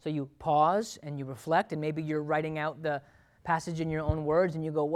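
A man's voice: on the high side, fairly even intonation, moderate pace, darkish tone. A man, a pastor, preaching a sermon in a conversational way, asking the congregation questions and acting out thoughts and prayers aloud.

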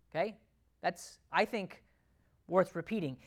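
A woman's voice: mid-range voice, brisk. Emphatic woman preaching a sermon. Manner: emphatic, repeats key points, swings between loud and quiet; asks the congregation questions.

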